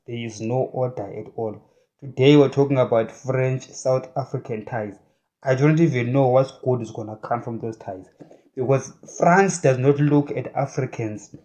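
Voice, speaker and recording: A man giving opinionated commentary in a halting delivery full of filler sounds, turning indignant with rhetorical questions. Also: medium pitch, darkish tone. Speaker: political commentator.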